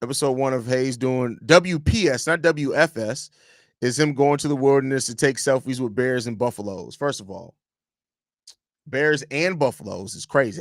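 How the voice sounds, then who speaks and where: A man's voice: mid-range voice, dry recording, clean studio sound. A man hosting a casual live-stream sports podcast from home, talking loosely on a desk microphone, repeating phrases and reading chat questions aloud. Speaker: podcast host.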